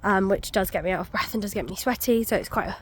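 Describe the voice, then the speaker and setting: A woman's voice: medium pitch, fast, breathy edge. A young woman, out of breath, chatting casually to camera on a muddy country walk with many ums. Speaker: vlogger. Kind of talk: casual walking vlog.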